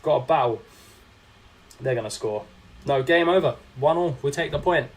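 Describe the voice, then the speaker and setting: A young man with a medium-pitched voice talks at normal speed while live-streaming and commentating his own game. Casual and chatty, he reacts to the gameplay and reads viewers' chat aloud in response.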